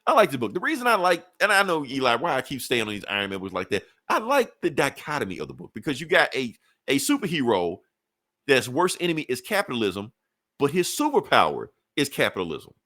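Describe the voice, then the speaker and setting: A man hosting a podcast, recapping a comic book in a casual, profane, animated way. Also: mid-range voice, quick pace, no echo. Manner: profane, animated storyteller, slips into characters. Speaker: podcast host.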